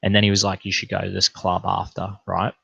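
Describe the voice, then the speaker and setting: A pastor telling a profane, animated anecdote in a casual way. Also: male voice, deep voice, quick pace, creaky, husky, dry recording, lo-fi sound. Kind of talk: casual storytelling.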